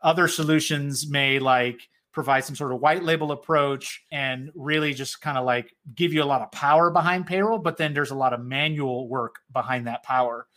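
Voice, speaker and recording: Bright-voiced chatty man talking business. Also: medium pitch, normal speed, few pauses. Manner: loose and chatty, many fillers like "like" and "right?". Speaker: payroll software company representative. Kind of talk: casual business conversation.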